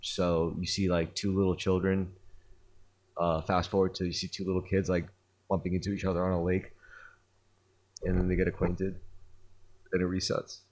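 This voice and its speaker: A man's voice: deep voice, flat delivery, moderate pace, long pauses, darkish tone. A man hosting a podcast, retelling a story in a rambling casual way with lots of fillers and swearing. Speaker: podcast host. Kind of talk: casual chat.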